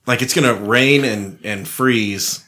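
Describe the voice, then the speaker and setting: A man's voice: medium pitch, takes it slowly, sharp tone. Hesitant man chatting casually. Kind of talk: casual chat.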